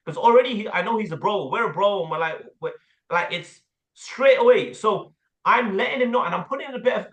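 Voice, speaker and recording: A man with an English accent coaching a sales team, blunt and animated, with casual slang and the odd swear word. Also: high-pitched, brisk, reverberant, lo-fi sound. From England. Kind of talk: sales training talk with role-play.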